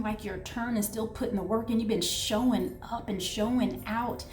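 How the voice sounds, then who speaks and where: A woman giving an excitable, gushing tarot reading, talking straight to her viewers. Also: on the high side, reverberant. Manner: excitable, gushing, breathless asides. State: out of breath. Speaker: tarot reader.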